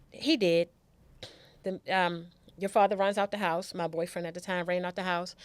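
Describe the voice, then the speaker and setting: A woman with a lowish voice talks through her own story as an interview guest. She speaks haltingly, often breaking off and starting again, and leans on repetition to drive her points home. The sound is dry and close, with no room echo. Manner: halting, with restarts and emphatic repetition. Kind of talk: personal storytelling in conversation.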